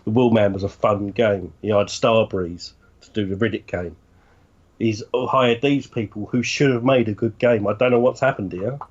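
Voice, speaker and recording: A man's voice: lowish voice, steady tone, moderate pace, muffled recording. A man co-hosting a casual video game podcast, blunt and joking and swearing now and then. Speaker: co-host.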